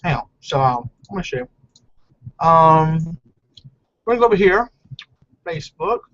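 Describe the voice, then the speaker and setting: A man's voice: fairly high pitch, animated, unhurried, a bit bright. Male co-host, playful prodder, casual chat; muffled recording. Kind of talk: casual live broadcast chat.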